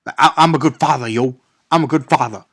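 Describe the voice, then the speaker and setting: A man doing a loud impression of an actor who keeps insisting he is a good father. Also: mid-range voice, brisk. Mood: insistent.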